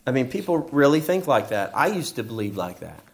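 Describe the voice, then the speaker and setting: A man's voice: medium pitch, big pitch swings, brisk, gravelly. A middle-aged man preaching a sermon as pastor, telling stories and pressing his points with emphasis. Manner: storytelling, emphatic with rising passages.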